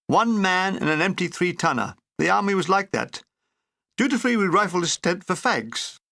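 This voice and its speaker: A man's voice: sits high, animated, normal speed, creaky, pushed and bright, dry recording. A man reading a comic war memoir aloud with dry, wry storytelling. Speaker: audiobook reader.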